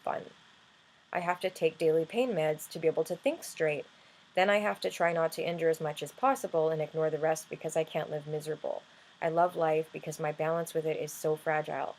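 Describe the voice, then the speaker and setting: A woman talking earnestly in a personal vlog, halting and restarting often as she explains her life with a chronic illness. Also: low voice, fairly even intonation, a little mellow, poor audio. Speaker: vlogger and music artist.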